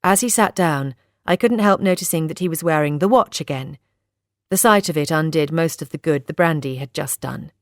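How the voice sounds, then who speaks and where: A woman narrating a first-person novel in a measured, steady reading. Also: low voice, no echo, clean studio sound. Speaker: audiobook narrator.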